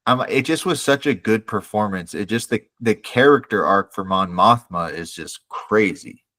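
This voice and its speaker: A man co-hosting a podcast in casual chat, animated, acting out characters' lines. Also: fairly low pitch, moderate pace. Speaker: podcast co-host.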